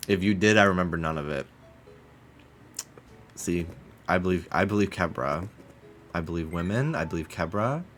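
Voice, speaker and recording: A man's voice: deep voice, normal speed, long pauses, a bit bright, soft background music. A man streaming a game, chatting casually and playfully while he decorates, with light swearing. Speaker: streamer playing a life-sim game.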